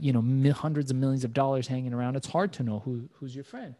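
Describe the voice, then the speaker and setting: A man's voice: medium pitch, quick pace, warm tone, no echo. A man hosting a casual talk, telling stories in a brash, profane way. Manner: brash storytelling, heavy swearing. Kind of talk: casual conversation.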